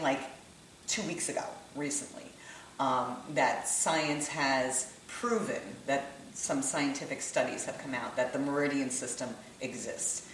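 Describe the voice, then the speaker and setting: A woman's voice: low voice, a little hiss or hum. A woman teaching holistic kinesiology in a conversational way, often checking in with her listeners as she explains. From United States. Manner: conversational, checks in with "right?" and "okay?". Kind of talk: explanatory lesson to camera. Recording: echoey room, voice from a distance.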